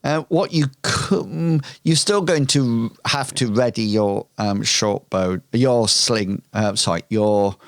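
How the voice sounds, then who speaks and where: A man narrating as game master of a tabletop role-playing game, describing scenes hesitantly with many pauses and ums. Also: medium pitch, no room sound, studio quality.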